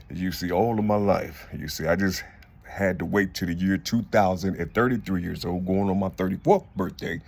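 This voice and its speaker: A man's voice: low voice, vocal fry, slightly rough. A man in his fifties talking to his viewers in a rambling monologue, peppered with "you see", fillers and restarts. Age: 50s. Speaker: vlogger. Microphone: phone.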